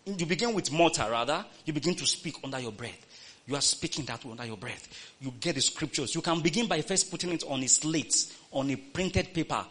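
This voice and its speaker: A man preaching a sermon, repeating phrases and swinging from loud calls to hushed, quoted scripture. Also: fairly high pitch.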